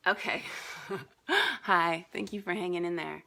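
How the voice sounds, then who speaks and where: A woman's voice: on the low side, takes it slowly, gravelly, pauses often, pushed and bright. A woman coach talking casually on a live group call, chatty, laughing often, with many fillers. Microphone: phone.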